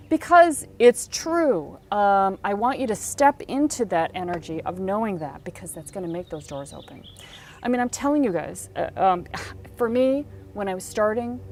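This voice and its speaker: A woman with a lowish voice teaches career advice in a casual way. She tells stories with animated delivery and acts out the people she quotes.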